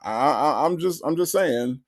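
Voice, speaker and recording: A man's voice: a little high, measured pace. A man hosting a casual live stream, reading viewer chat and commenting bluntly with coarse language and frequent laughter. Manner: animated, blunt, profane, laughs often. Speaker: livestream host.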